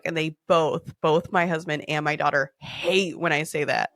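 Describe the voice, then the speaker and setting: A woman's voice: deep voice, fairly even intonation, normal speed, a bit bright, no echo, studio quality. A woman in her thirties hosting a podcast, telling stories in a candid, swearing, laughing way. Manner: candid, profane, laughing storyteller. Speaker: podcast host. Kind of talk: casual storytelling chat.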